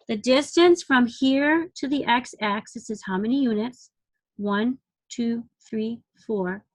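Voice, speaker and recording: A woman's voice: a little high, dry recording. A woman teaching a recorded math lesson, patiently counting units aloud and asking questions as she works. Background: dog barking.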